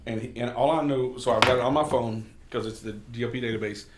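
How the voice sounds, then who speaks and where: A man's voice: mid-range voice, fairly even intonation, fast talker, roomy sound, very noisy. A man serving as a state representative, from Kentucky, talking candidly in a casual sit-down conversation and telling stories. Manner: candid, storytelling, occasional cursing.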